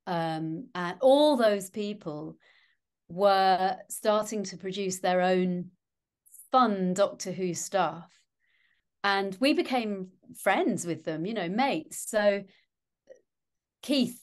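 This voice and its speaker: Middle-aged woman, actress guest; chatty, self-mocking, lively anecdotes. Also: fairly low pitch, slow pace, smooth. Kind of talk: anecdotal interview chat.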